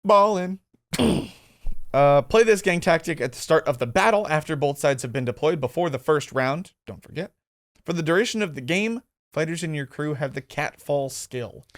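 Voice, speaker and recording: A man's voice: on the high side, expressive, normal speed. A man co-hosting a casual tabletop gaming talk, reading rules aloud and then chatting about them, laughing easily. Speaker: co-host.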